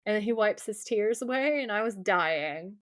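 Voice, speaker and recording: Animated woman recapping a TV episode. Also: medium pitch, moderate pace. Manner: animated, swears freely, acts out quoted lines. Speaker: podcast co-host. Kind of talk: casual chat recapping a TV episode.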